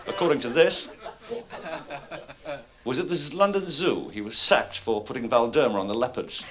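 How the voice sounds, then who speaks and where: A man's voice: mid-range voice, normal speed, a faint crowd. Man giving a dry comic tribute speech. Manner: mock-tribute delivery with dry asides. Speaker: comedian. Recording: loud hiss on old vinyl live recording.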